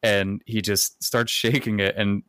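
Man, co-host, rambling sarcastic recap, lowish voice, dry sound. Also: flat delivery, a little slow, a bit bright, clean tone, no room sound. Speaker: podcast co-host giving plot recap. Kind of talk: casual chat.

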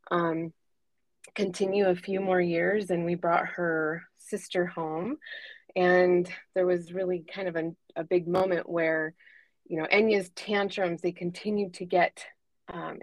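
A woman's voice: fairly low pitch, fairly even intonation, moderate pace, vocal fry, no echo, rough recording. A woman in her forties, a guest life coach for mothers, telling a candid personal story in an earnest way, with frequent ums and self-corrections. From United States.

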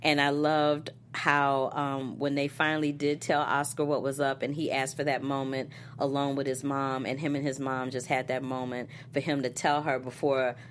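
A woman co-hosting a casual chat show, animated, laughing often and acting out quotes. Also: moderate pace, hardly any pauses, a little hiss or hum. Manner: animated, laughs often, acts out quotes with big pitch swings. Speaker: co-host. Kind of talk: casual chat reviewing a soap opera.

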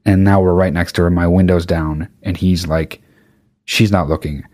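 A young man with a fairly low voice tells a rambling comic anecdote at a moderate pace, packed with swearing and deadpan asides. The recording is dry and close, with no room sound.

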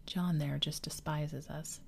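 A woman's voice: low voice, fairly even intonation, slow pace, a little mellow, slight background noise, full character voice. A woman whispering the part of a sheltered, admiring young girl full of wonder, in a whispered role-play. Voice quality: breathy whisper. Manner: wondering, earnest.

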